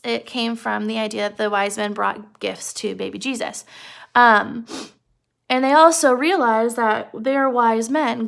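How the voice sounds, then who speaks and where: A woman's voice: fairly high pitch, gravelly, a bit bright. A young woman casually retelling a story as a lesson, chatty with frequent fillers and rhetorical questions. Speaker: teacher explaining a story.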